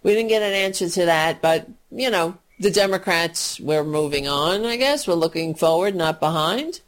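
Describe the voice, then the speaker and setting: A woman's voice: on the low side, expressive, moderate pace. A woman giving an exasperated, profane political rant, mocking the people she talks about.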